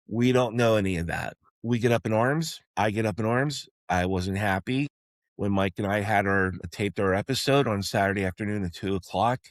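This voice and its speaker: On his solo sports opinion podcast, a host with a low voice speaks emphatically, repeatedly adding "okay?" to drive home his points. He takes a rallying, pleading tone toward fans, and the recording is dry.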